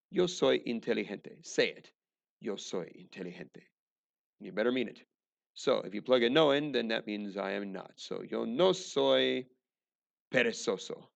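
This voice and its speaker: A man's voice: mid-range voice, vocal fry, dull audio. A man teaching a recorded language lesson, mixing dry joking asides into the explanations.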